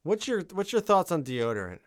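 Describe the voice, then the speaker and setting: Dude chilling on a podcast, swears a lot, smooth voice, dry close mic. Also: male voice, high voice, big pitch swings, brisk, no room sound. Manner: laid-back, swears freely. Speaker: podcast co-host. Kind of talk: casual chat.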